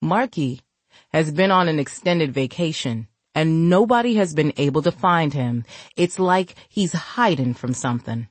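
A woman's voice: low voice, expressive, unhurried, dry recording. A woman voicing a street-hardened young man who is blunt, protective and curses in heavy slang. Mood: weary.

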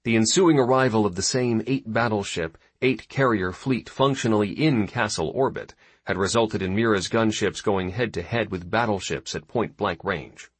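A man narrating an audiobook in a steady, even storytelling manner. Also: on the low side, normal speed, slightly rough, no room sound. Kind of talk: scripted narration.

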